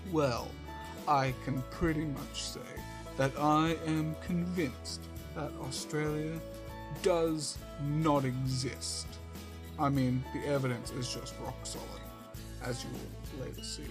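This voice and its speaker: A YouTuber host giving a casual, jokey, self-deprecating channel intro. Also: medium pitch. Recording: guitar music behind voice.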